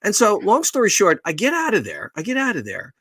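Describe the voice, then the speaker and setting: A man's voice: high-pitched, wildly swooping pitch, brisk, fairly bright tone, husky, dry recording. A middle-aged man co-hosting a podcast, telling a rambling, profane, self-deprecating story in casual chat. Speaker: podcast co-host.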